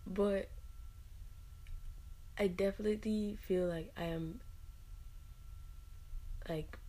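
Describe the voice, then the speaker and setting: A woman's voice: medium pitch, steady tone, slow, warm tone. A Nigerian woman hosting a podcast, talking casually and expressively on her own, with many "like" fillers and asides. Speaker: podcast host. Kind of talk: casual solo podcast talk.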